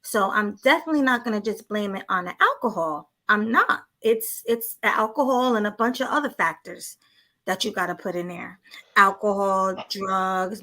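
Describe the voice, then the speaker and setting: Sassy, bright-voiced woman co-host. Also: mid-range voice. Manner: sassy, judgmental. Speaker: podcast co-host. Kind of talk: casual commentary chat.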